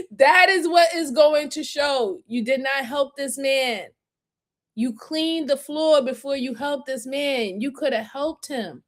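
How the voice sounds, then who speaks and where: A high, bright-pitched woman hosts a crime reaction stream. She talks emphatically and lectures as she repeats her points. Between arguments she laughs loudly with her chat. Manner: breaks into loud laughter with chat. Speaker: crime commentary host. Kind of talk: live-stream reaction commentary.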